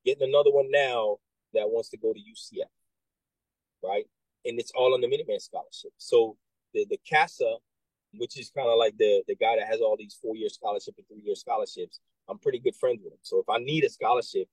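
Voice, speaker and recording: A man working as a military recruiter, talking casually and telling animated stories with many restarts and asides. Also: mid-range voice, a little fast, husky, dry recording, rough recording. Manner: animated storyteller, acts out quoted voices, many restarts and "right?". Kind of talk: casual conversation.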